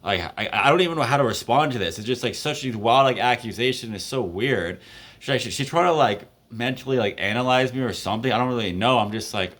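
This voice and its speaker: A young man in his twenties tells a story casually at a medium pitch. He rambles, leans on fillers, and laughs between lines. His tone stays loose and conversational throughout. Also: animated, fairly quick, fairly bright tone.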